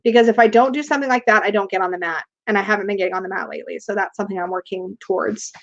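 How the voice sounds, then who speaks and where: A woman's voice: medium pitch, racing, creaky. A woman hosting a casual tarot livestream, chatty, reading viewer comments aloud and laughing often. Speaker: tarot reader and livestream host. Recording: dull lo-fi livestream audio.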